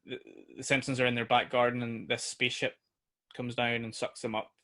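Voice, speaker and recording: A man's voice: medium pitch, flat delivery, a little fast, bright, forceful tone. A man, co-hosting a casual film review chat that rambles, with restarts and the odd swear word. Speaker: podcast co-host.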